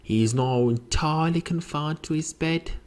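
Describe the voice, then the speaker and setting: A prim old housekeeper woman chatters in a shrill, high falsetto with a British accent, gushing and flustered, as a man puts her on. The voice sits far above a normal speaking voice. She talks with fussy politeness. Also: normal speed, darkish tone, lightly acted. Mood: chattering. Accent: put-on British.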